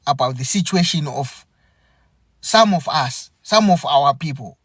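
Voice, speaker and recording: Impassioned man, slow and lively. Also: a little high, slightly rough, no room sound, clean studio sound. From Zimbabwe. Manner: earnest and aggrieved, repeating phrases with halting restarts. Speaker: podcast host. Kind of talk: impassioned spoken monologue.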